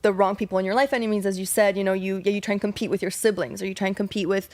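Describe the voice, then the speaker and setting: Woman podcast co-host, reflective chat, average pitch, dry studio sound. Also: fairly even intonation, a little mellow, no echo. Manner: reflective, affirming, quick restarts.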